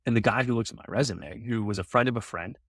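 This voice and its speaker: A man's voice: mid-range voice, fast, a bit bright, dry recording, studio quality. A man chatting as a podcast guest, telling rambling stories full of "like" and "you know.". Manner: rambling storyteller, lots of fillers. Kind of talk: casual podcast chat.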